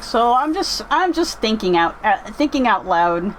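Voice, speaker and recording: A woman chatting casually while playing a game, rambling and thinking out loud with many restarts. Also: a little high, big pitch swings, a little slow, a little hiss or hum, low-quality recording. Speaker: gaming streamer chatting with viewers. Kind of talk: casual chat over gameplay.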